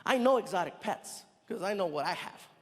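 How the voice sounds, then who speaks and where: A man in his thirties doing stand-up comedy storytelling, animated and breaking into loud character voices. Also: high-pitched, a little fast. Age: 30s. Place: stage in a large venue. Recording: reverberant venue, faint noise.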